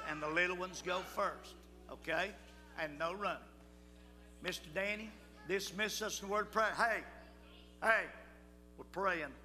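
In a church hall, an older man with a high-pitched, sharp-toned voice leads a children's Bible school assembly. He calls out to the crowd in a coaxing, folksy manner, captured with hall reverb and music.

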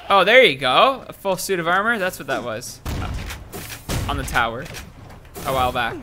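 A young male gaming YouTuber gives casual let's-play commentary, excitedly talking to himself and his viewers, yelping and laughing as he plays. His voice is fairly high, his pace moderate, and there is background noise.

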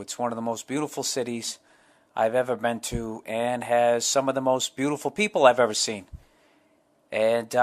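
A man's voice: mid-range voice, fairly even intonation, moderate pace. A middle-aged man, hosting a solo podcast, telling profane, rambling comic stories. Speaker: podcast host.

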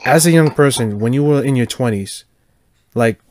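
A man's voice: medium pitch, normal speed, a little mellow, no echo, studio quality. A young adult man hosting a podcast, asking questions in a hesitant way, searching for words. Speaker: podcast host. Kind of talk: casual interview questions.

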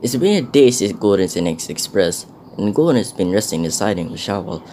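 A man's voice: lowish voice, lively intonation, fast talker, warm tone, slight background noise, low-quality recording. A man narrating a homemade storybook tale with some hesitations and restarts.

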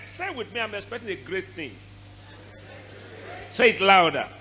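A middle-aged man with a Nigerian accent preaching a sermon, animated, with sudden shouted bursts and dramatic drops in volume. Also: high voice, moderate pace, pauses often, some chatter behind, rough recording. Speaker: archbishop.

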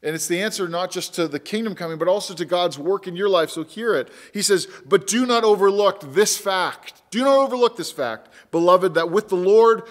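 A long reverb tail follows this man's high-sitting voice as he preaches from a church sanctuary. Serving as pastor, he is earnest and emphatic, repeating important words to drive them home.

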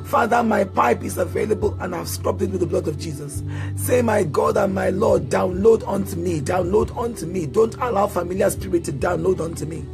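Over music, a man with a high, brisk, creaky voice preaches and leads prayer. He chants declarations in a sing-song rhythm and prompts listeners to repeat after him.

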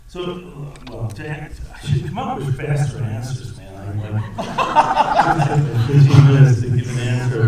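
Animated man in an echoey theater. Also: medium pitch. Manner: rambling, animated, laughs often. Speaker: actor guest at film Q&A. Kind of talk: conversational Q&A answers. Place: cinema auditorium. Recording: echoey theater from a distance with audience.

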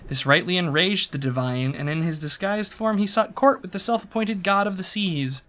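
A man's voice: sits high, moderate pace, bright, forceful tone. A young man streaming a game, reading its lore aloud with drama and then chatting casually with his viewers. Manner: dramatic storyteller reading, loose and chatty between reads.

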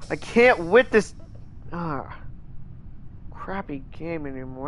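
A man's voice: fairly high pitch, unhurried, a bit bright. A young man streaming a game in casual chat, whining and ranting in exasperation, repeating his complaints.

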